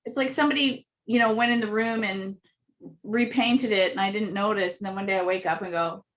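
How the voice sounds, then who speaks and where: A woman telling animated anecdotes as an interview guest, acting out little voices and laughing often. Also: medium pitch, brisk. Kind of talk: casual storytelling interview.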